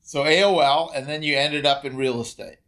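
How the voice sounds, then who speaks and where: A man's voice: a little high, steady tone, a bit bright. Eager male podcast host. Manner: eager, jumps in with quick reactions and long questions. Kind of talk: casual interview conversation.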